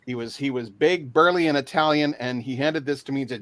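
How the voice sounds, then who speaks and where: A man chatting casually as a guest, talking haltingly with many fillers and restarts over a video call. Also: medium pitch, fairly bright tone. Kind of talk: casual chat.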